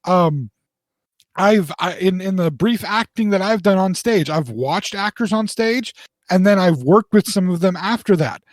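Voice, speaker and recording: A man in his forties, a podcast co-host, telling a rambling, animated story in casual chat. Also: sits high, unhurried, dry recording, clean studio sound. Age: 40s.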